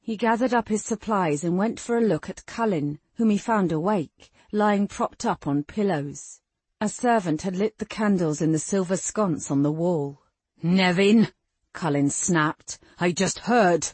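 A woman narrating a fantasy novel in an even, measured storytelling manner. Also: mid-range voice, breathy edge, dry recording. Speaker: audiobook narrator. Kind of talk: scripted narration.

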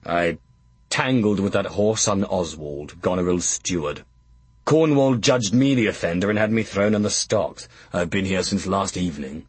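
A man voicing a gruff, stubborn old male knight with a Welsh accent. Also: low voice, moderate pace, no echo, voice pushed down. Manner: gruff and indignant.

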